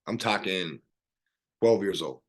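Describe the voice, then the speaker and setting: A man's voice: low voice, takes it slowly. A middle-aged man, a podcast guest, earnestly telling his life story in casual conversation, rambling with fillers and restarts.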